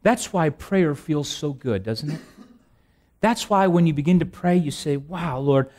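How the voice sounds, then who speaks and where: A man's voice: a little high, expressive, a little slow, darkish tone. Man preaching with rhetorical questions. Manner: conversational preaching with rhetorical questions and repeated phrases; self-deprecating humor, frequent restarts. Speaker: pastor. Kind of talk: sermon.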